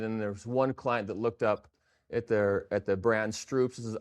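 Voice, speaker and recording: A man as a podcast guest, casually telling the story of his company in a relaxed, rambling way with self-corrections, in a showroom. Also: lowish voice, moderate pace. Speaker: guest, fitness product founder.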